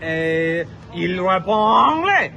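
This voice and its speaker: A man with a Quebecois French accent, speaking haltingly and searching for words with many filler sounds. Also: high-pitched, big pitch swings, creaky, pushed and bright, muffled recording. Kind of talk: halting casual chat in French. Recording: noisy crowd around.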